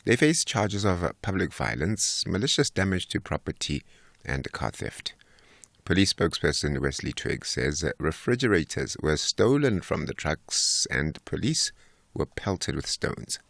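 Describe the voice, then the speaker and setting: A man reads a radio news bulletin in a measured way, with frequent fillers. His voice is very low and gravelly. The sound is close and dry. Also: sing-song, a bit bright, dry recording. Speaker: newsreader. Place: radio studio.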